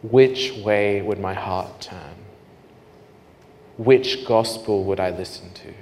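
A man preaching his testimony as a lively storyteller who often drops to hushed, slow tones. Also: sits low. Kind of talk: sermon testimony. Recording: reverberant hall, faint noise.

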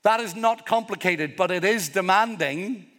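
Northern Irish pastor preaching in an echoing hall. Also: male voice, high voice, moderate pace, fairly bright tone. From Northern Ireland. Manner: earnest, emphatic preaching with rising repeated phrases. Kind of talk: sermon. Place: church hall with congregation. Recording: long hall reverb.

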